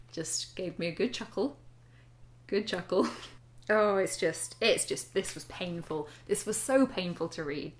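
A young woman reading her teenage fiction aloud and mocking it with wry, laughing asides. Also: medium pitch. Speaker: vlogger reading her old writing. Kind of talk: casual vlog commentary.

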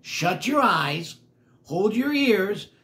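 A man voicing an eager, helpful male puppy dog in a storybook, slow and coaxing. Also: sits high, big pitch swings, a bit bright, pitched above the performer's own voice, exaggerated voice.

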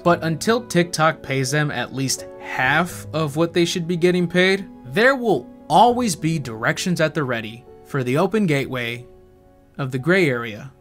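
A man's voice: a little high, a bit bright. A man narrating a video essay, then chatting casually and self-deprecatingly with frequent swearing. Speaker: YouTube commentator.

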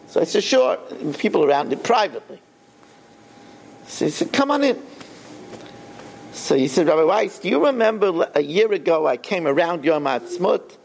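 A man's voice: a little high, vocal fry, slight background noise. An older man, a rabbi, telling a story in a sermon and acting out the quoted dialogue with animation.

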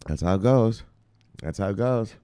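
Middle-aged man, low voice, hyped vlogger, swings up and down a lot, profane. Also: normal speed, clean tone, no echo. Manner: excitable, profane, shouting "bang" at viewers. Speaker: crypto news vlogger. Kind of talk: casual hyped-up commentary.

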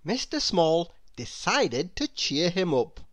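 A woman reading a children's picture book aloud in a slow, expressive, sing-song storytelling voice. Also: fairly low pitch, no room sound, clean studio sound. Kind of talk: children's read-aloud narration.

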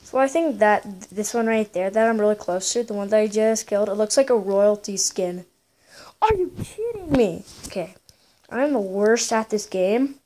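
A gaming YouTuber gives excitable gameplay commentary, packed with gasps, exclamations and playful sing-song moments. Her mid-range voice moves at a normal speed.

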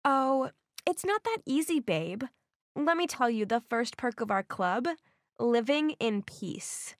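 A woman voicing a sarcastic teenage bully girl in an animated story, with a mocking manner. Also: fairly high pitch, takes it slowly, no echo, studio quality.

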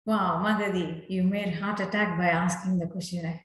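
A woman leading a youth speaking club meeting, giving slow, encouraging feedback and inviting speakers. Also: on the low side, steady tone, slight background noise. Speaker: meeting evaluator. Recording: very echoey room.

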